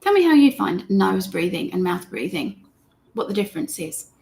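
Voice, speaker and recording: A woman teaching meditation in a gentle, chatty way, talking straight to her viewers and reading their comments aloud. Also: mid-range voice, big pitch swings, normal speed, gravelly. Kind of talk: live-streamed guided meditation lesson.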